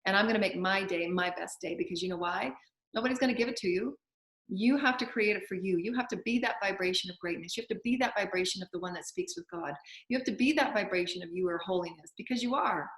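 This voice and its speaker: A woman spiritual healer giving an inspirational talk, chanting repetitive affirmations that swing from hushed to loud, fervent bursts. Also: medium pitch, fast. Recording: roomy echo.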